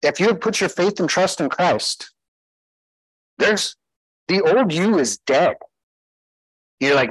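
A man's voice: high voice, animated, slow, long pauses, slightly rough, no echo, rough recording. A man preaching a sermon as pastor, emphatic, putting rhetorical questions to his listeners.

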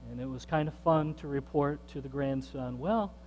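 A man, a pastor, telling a story in a sermon with a conversational manner that turns animated when he quotes others. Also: mid-range voice, moderate pace. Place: church sanctuary. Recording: long hall reverb with mains hum.

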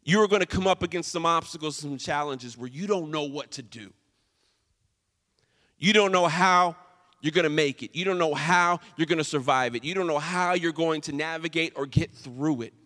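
A male pastor with a bright, slightly high voice preaches a sermon at normal speed in a church sanctuary. He is emphatic and repeats phrases, and the hall adds an echoey reverb.

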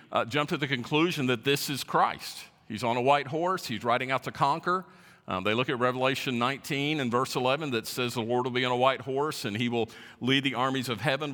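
A man's voice: medium pitch, sharp tone. A man preaching a sermon as pastor, teaching verse by verse and stressing key words. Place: church sanctuary. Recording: reverberant hall.

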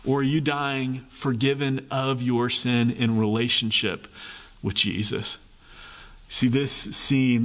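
A man preaching a sermon as a pastor, earnest, repeating phrases and shifting between quick and slow delivery. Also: medium pitch, a bit bright, in a large hall.

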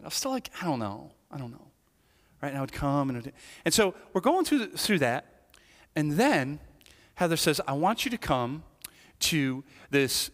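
A man giving a sermon testimony, telling his story with lively acted-out asides. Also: medium pitch. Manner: animated storytelling, acting out his younger self. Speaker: pastor. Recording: long hall reverb.

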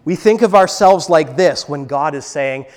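A man with a notably high voice preaches an emphatic sermon and hammers his points home by repeating words. He is recorded in a church, and long reverb from the large hall trails after his lines. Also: moderate pace. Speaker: pastor.

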